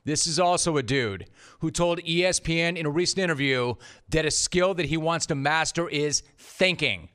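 A man's voice: on the high side, moderate pace, fairly bright tone, clear, resonant tone. A man hosting a sports talk show, delivering a sarcastic monologue and repeating his punchlines for effect. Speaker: sports radio host.

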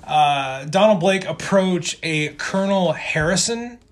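A man's voice: sits high, measured pace. Man casually recapping a comic book. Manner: rambling, many ums and restarts. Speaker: podcast co-host.

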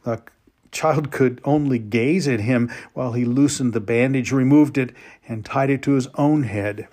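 A man reads a story aloud with slow, emotional weight and long pauses. His voice sits at an ordinary middle pitch. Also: warm tone. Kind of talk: dramatic story reading.

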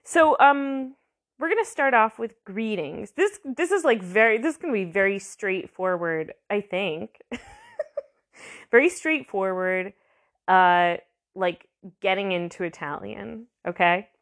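A woman's voice: medium pitch, expressive, a little slow. Chatty woman teaching a casual lesson. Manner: chatty, rambling with fillers and restarts. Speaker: language tutor. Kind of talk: casual home language lesson.

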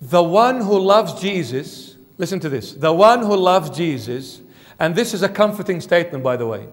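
A man's voice: sits high, lively intonation, normal speed, long reverb tail. A man, a bishop, preaching a sermon emphatically and putting questions straight to his congregation. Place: church.

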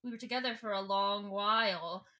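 Woman voicing a crazed street drifter, stammering and frantic, bright. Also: medium pitch, normal speed, natural voice. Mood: dazed. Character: rambling half-mad homeless man.

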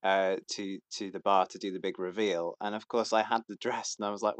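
A man's voice: on the low side, brisk, dry recording. A man, chatting hesitantly as a podcast guest, with many fillers and restarts. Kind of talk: casual chat.

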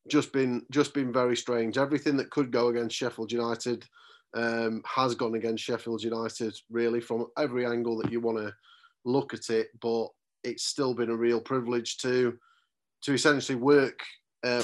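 A man, speaking as a guest in a casual football podcast. He is a radio commentator who talks in an earnest, chatty way and reminisces at length. His voice sits at a middling pitch.

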